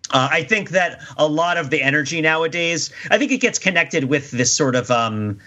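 Bright-voiced rambling podcast man. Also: on the high side, lively intonation, normal speed. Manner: rambling, self-interrupting, laughs often. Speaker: podcast co-host. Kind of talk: casual discussion. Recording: dull lo-fi sound.

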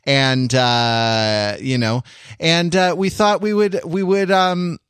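A man's voice: on the high side, fairly even intonation, slow pace, fairly bright tone, smooth, no echo, clean studio sound. A man hosting a podcast in casual chat, rambling with many fillers and restarts. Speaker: podcast host.

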